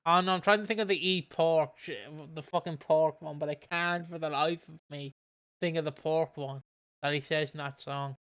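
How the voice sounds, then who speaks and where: A man rambles through a casual podcast chat, full of ums and swearing, his voice fairly high and smooth. He is close on the mic in a dry, dead-sounding space. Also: steady tone, moderate pace, a bit bright, no echo. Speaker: podcast co-host.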